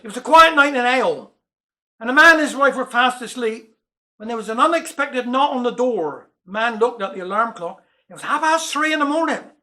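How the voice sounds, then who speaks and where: Cornish guy doing dialect jokes and rhymes, real high bright voice, chuckles at his own punchlines. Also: animated, fairly quick. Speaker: dialect comedian. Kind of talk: dialect comic verse and jokes.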